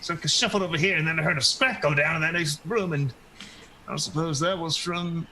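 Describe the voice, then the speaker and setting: A man's voice: on the high side, brisk, pushed and bright, slight background noise, pitched above the performer's own voice, low-quality recording. A man voicing a cantankerous, hunched old woman who grumbles and rambles suspiciously.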